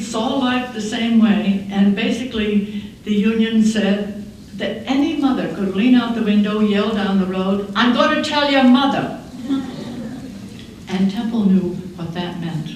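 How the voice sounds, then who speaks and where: Older woman giving a slow, wry keynote. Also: mid-range voice, mellow, a little hiss or hum. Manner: measured and wry. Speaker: keynote speaker. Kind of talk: storytelling keynote speech. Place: large conference hall. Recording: echoey hall from far off.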